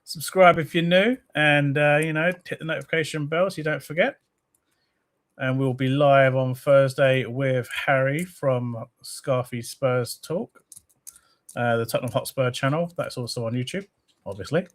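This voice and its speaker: A man's voice: mid-range voice, fairly even intonation, normal speed. Man, football fan channel host, casual live chat, rambling, reads out comments.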